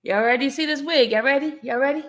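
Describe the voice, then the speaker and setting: A woman's voice: sits high, fast, a bit bright. A woman hosting a casual livestream, greeting her viewers one by one and laughing as she teases them. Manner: playful, greeting viewers by name; laughs often while teasing the audience. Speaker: livestream host.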